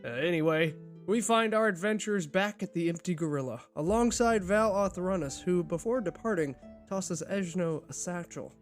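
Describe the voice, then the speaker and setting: A man's voice: high voice, normal speed, soft background music. A man narrating a tabletop game as game master, in a laid-back, joking way.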